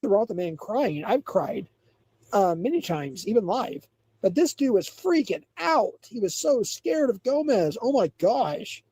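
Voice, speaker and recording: A man's voice: high voice, big pitch swings, measured pace, dark tone, slightly rough, dry recording, rough recording. A man hosting a livestream, chatting casually, gossipy and mocking, repeating himself. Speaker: livestream host.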